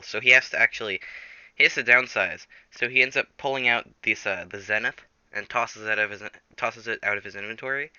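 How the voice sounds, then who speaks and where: A man's voice: lowish voice, pushed and bright, smooth, no echo, dull audio. A man improvising a comic story in a rambling, self-correcting way. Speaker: storyteller host.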